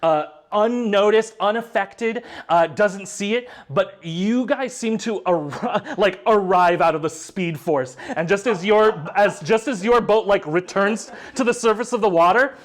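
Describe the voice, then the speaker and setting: A man narrating a tabletop game as game master, animated, with many fillers and laughs. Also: high-pitched, a little slow, few pauses.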